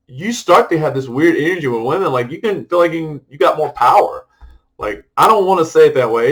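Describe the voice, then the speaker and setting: A man's voice: medium pitch, a bit bright, poor audio. A middle-aged man talking casually to camera in a rambling personal vlog, loose and full of fillers and restarts. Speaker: vlogger.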